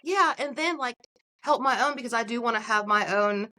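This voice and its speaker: Young woman, upbeat chatty guest, bright lifted voice. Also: a little high, normal speed. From Georgia, US. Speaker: guest, new streamer. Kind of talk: casual podcast chat.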